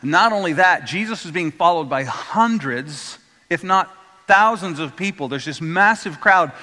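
A man preaching a sermon as a pastor, retelling stories in a lively way and getting the congregation to say words back to him. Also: fairly high pitch, a little slow. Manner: storytelling, acts out quoted voices, asks congregation to repeat words. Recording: long hall reverb.

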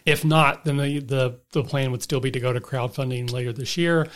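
A man co-hosting a gaming podcast, giving updates in a measured, conversational way. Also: mid-range voice, steady tone. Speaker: podcast co-host. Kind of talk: casual podcast chat.

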